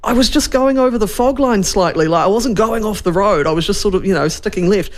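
A New Zealand man in casual radio chat, his voice sitting high for a man. He tells stories with animation, acting out what people said and mimicking beeping noises. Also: a little fast. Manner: animated storyteller, acts out quotes and beeping noises. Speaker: radio co-host.

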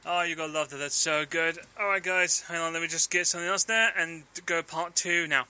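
A man's voice: on the high side, fairly even intonation, fairly quick, background noise. A man hosting a stream, chatting casually to his viewers and calling them guys. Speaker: stream host.

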